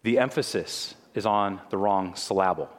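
A man's voice: low voice, normal speed. Middle-aged guy preaching, chatty and stumbly, voice rings out in a big echoey church. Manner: conversational preaching with frequent restarts. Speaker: pastor. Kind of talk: sermon. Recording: long hall reverb.

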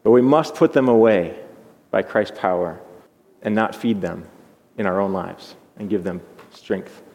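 A man's voice: lowish voice, a little mellow. Man preaching in a reverberant hall. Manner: earnest, measured preaching with repetitions. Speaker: pastor. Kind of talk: sermon.

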